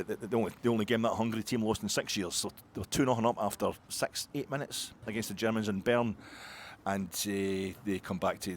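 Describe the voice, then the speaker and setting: Man, Scottish accent, middle-aged, low-ish voice, excitable, rambling football fan monologue. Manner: excitable, rambling, swings between muttering and loud outbursts. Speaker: football podcast host. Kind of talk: post-match fan reaction monologue.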